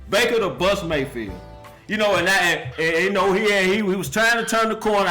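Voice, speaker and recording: A man's voice: high-pitched, moderate pace, sharp tone, faint music behind. A man hosting a casual football rant, laughing often and mocking the teams in a loose, slangy way. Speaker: football commentary vlogger.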